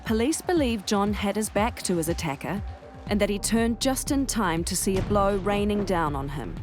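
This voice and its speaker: A woman reads scripted documentary narration at a measured, even pace. Her pitch sits in the middle range. Clear music runs underneath her.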